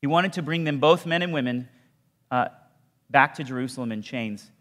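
A man giving a sermon, telling a story in a conversational way with casual asides and dropping low for emphasis. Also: moderate pace, fairly bright tone. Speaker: pastor. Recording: long hall reverb.

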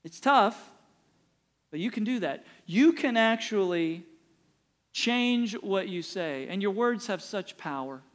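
A man's voice: high voice, expressive, slow. A middle-aged man preaching a sermon as pastor, emphatic and repeating phrases for punch.

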